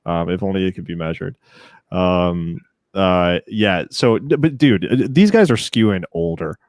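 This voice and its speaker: A young man with a very deep voice hosts a laid-back stock-market livestream, joking and laughing easily. The sound is close and dry, with no room echo. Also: lively intonation, a little slow. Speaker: show host.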